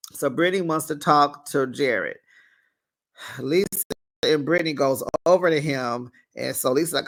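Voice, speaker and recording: Animated man doing a TV recap. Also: medium pitch, normal speed. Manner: animated, acts out quotes, laughs often. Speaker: TV recap host. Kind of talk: casual TV recap commentary.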